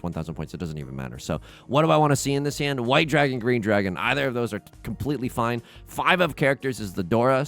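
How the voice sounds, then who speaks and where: A man's voice: on the low side, a bit bright. A young man hosting a let's play, rambling through stories and game commentary with lots of restarts and laughs. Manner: rambling storyteller, self-interrupting, laughs at his own stories. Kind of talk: casual gameplay commentary. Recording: faint music behind.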